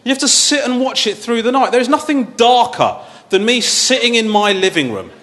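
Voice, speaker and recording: A man doing a wry stand-up routine in a comedy club, delivering deadpan complaints. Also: very high voice, brisk. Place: comedy club stage with live audience. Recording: live club with crowd.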